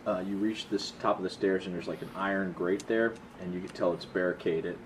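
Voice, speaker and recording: Low-voiced man narrating as game master. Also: steady tone, brisk, recorded from a distance, noisy background. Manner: casual, hesitant fillers.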